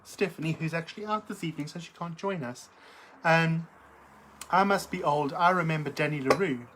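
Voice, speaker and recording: A woman's voice: deep voice, normal speed, fairly bright tone, slight background noise. A middle-aged woman hosting a live chat, reading out viewer comments in a camp, theatrical, giggly manner. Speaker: livestream host.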